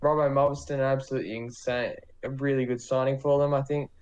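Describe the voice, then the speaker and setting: A man's voice: mid-range voice, level tone, a little fast, darkish tone. Easygoing man on a podcast. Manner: easygoing, rambling, self-correcting. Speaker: podcast co-host giving predictions. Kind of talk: casual podcast chat.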